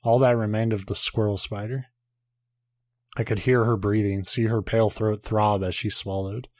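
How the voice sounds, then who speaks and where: A man's voice: lowish voice, level tone, normal speed, a little mellow, dry recording. A man, a podcast host, reading a horror story aloud in a casual way, now and then breaking off to joke and swear.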